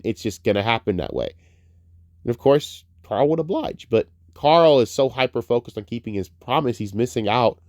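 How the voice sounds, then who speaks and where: A man getting over a cold gives a rambling, excitable, profane spoken film review. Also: medium pitch, no room sound, studio quality. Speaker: movie reviewer.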